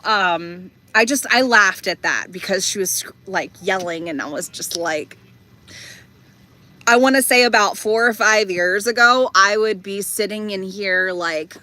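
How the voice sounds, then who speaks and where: A woman's voice: mid-range voice, a little slow, pushed and bright. A young woman rambling through a casual story from inside her van, full of fillers, restarts and little laughs. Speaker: vlogger.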